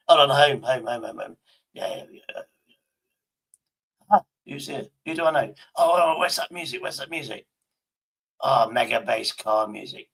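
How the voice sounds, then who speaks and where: A man's voice: medium pitch, animated, normal speed, creaky, pauses often, fairly bright tone, breathy edge. A man livestreaming in casual chat, rambling to himself and swearing constantly.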